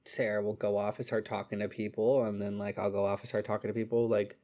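A young man tells a story casually and fast in a fairly low voice, with lo-fi sound quality. He swears freely and acts out the quotes in a profane, animated way.

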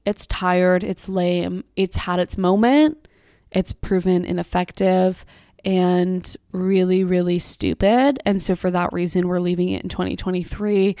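A woman's voice: on the low side, fairly even intonation, measured pace, dark tone, dry recording, clean studio sound. A young woman hosting her own podcast, chatting casually and ranting about pet peeves, swearing and saying "like" a lot. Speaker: podcast host. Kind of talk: casual solo podcast chat.

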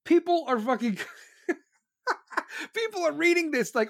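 A man's voice: very high-pitched, lively intonation, a little slow, creaky, long pauses, no echo, studio quality. Crude, sarcastic political commentator man. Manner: crude, sarcastic and heavily profane.

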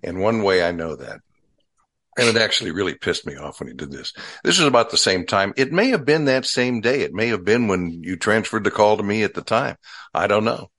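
An older man hosting a relaxed interview, telling wry stories with rambling asides. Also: fairly low pitch, brisk. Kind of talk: casual conversational interview.

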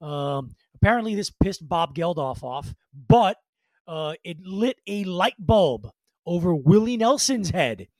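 Guy cohosting a music podcast, kinda high voice, rambles w lots of ums, dry close mic. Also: sing-song, a little slow, a little mellow, dry recording. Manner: rambling, loose delivery with many fillers. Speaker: podcast co-host. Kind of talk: casual chat about music history.

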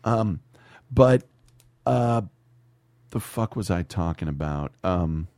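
A man's voice: deep voice, lively intonation, slow pace, a little mellow, no echo. A man hosting a podcast, telling rambling, profane stories in casual chat. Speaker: podcast host.

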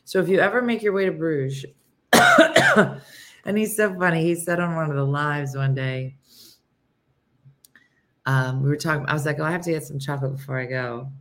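Casual livestream host, woman, low-pitched, rambling and chatty, clears her throat a lot. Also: very animated, normal speed, long pauses, fairly bright tone. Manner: rambling and chatty, many fillers and restarts. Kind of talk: casual chat with live viewers.

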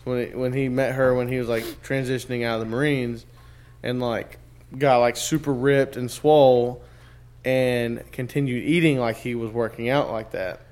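A man's voice: medium pitch, steady tone, normal speed, darkish tone. A young man telling long stories in a loose, casual chat. He swears freely and strings thoughts together with fillers and restarts. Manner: profane, rambling storyteller.

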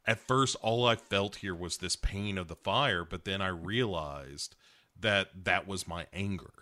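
A man co-hosting a casual podcast, recapping a TV episode and acting out the characters' lines in quick animated bursts, swearing freely. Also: sits low. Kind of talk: casual chat.

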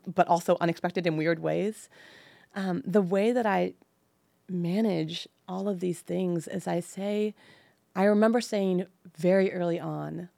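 A woman in her thirties from the San Francisco Bay Area, a podcast guest frankly and emotionally telling her personal story, slowing on painful details. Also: on the low side, gravelly, dark tone, no room sound.

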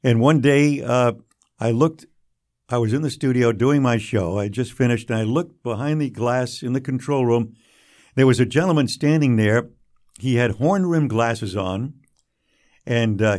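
An older man, a radio broadcaster recalling his early career in an unhurried, anecdotal interview manner. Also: medium pitch. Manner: warm anecdotal storytelling, drops quietly for quoted lines. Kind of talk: storytelling interview.

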